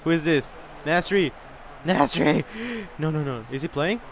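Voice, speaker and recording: Excitable man yelling over a game. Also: on the high side, unhurried, slight background noise. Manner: excitable, yelling and cursing a lot. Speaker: gaming channel host. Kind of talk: video game commentary.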